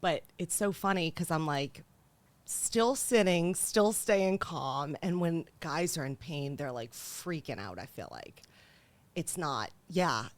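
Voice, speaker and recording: A woman's voice: sits low, slow pace, no echo. A young woman co-hosting a comedic chat show, talking animatedly, laughing often and acting out what people say. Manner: animated, laughing, acts out voices. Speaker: podcast co-host.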